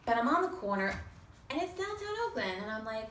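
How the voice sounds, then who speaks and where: Woman, bright voice, animated storytelling, roomy echo, distant mic, faint noise. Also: a little high, fairly quick. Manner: animated, acts out other voices, swears casually. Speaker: storyteller on a talk show. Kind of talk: lively personal storytelling.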